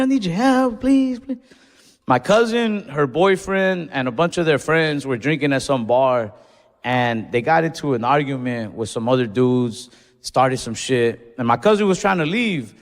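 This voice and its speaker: A young man doing stand-up, telling a story with animated, profane, self-mocking energy on a comedy club stage. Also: medium pitch. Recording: live club with reverb and faint noise.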